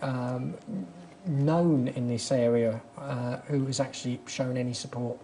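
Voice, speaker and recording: A man's voice: medium pitch, steady tone, a little slow, mellow. A man hosting a TV talk show, chatty and backchanneling often, with small restarts. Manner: chatty, with frequent mm-hmms and restarts. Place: TV studio.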